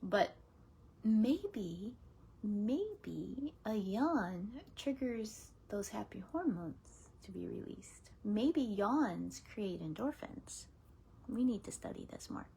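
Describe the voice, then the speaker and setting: A woman teaching laughter yoga in a casual, gentle coaching way, often dropping into whispers and playful laughs. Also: mid-range voice, very animated, slow pace, vocal fry, slight background noise. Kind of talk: casual spoken guidance.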